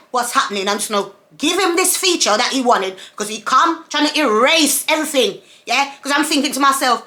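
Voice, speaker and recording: Emphatic woman ranting to camera, bright voice. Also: on the high side. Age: adult, mother of several children. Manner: repetitive, emphatic, ranting with rhetorical questions. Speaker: vlogger. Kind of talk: casual monologue to camera.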